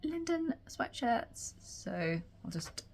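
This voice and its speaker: A woman vlogging casually from her sewing room, a little croaky and tired, rambling chattily with many fillers. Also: fairly high pitch, sing-song, takes it slowly, a little mellow, slight background noise. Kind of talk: casual chat to camera.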